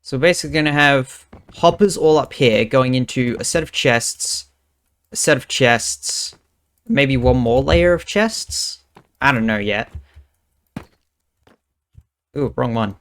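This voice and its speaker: Young male streamer, relaxed slow pace, mid-range voice, casual muttering commentary. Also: mid-range voice, clean tone. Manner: thinking aloud, muttering counts under his breath.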